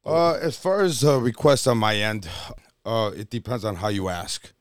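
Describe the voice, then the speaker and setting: A man's voice: on the low side, lively intonation, normal speed, smooth, no room sound, studio quality. A man, a DJ co-hosting a podcast, chatting casually, swearing freely and joking as he mimics crowd members. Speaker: DJ and podcast co-host. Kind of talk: casual chat.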